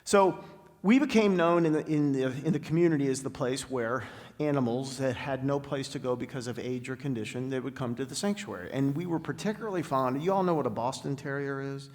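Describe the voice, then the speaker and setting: A middle-aged man giving an inspirational talk as a guest speaker, telling stories with dramatic pauses and slowing down for emphasis. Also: medium pitch, a little mellow. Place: large spiritual center hall. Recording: long hall reverb.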